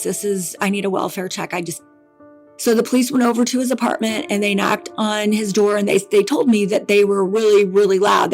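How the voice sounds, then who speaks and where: Grieving middle-aged woman, halting speech. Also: mid-range voice. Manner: halting, grief-laden, with many restarts. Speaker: interview guest, bereaved mother. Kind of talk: personal storytelling.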